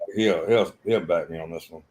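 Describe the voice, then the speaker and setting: A low-pitched man with a blunt, cussing way of talking. He co-hosts a casual live trading stream and tells stories by acting out quoted lines. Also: fast, a little mellow, poor audio.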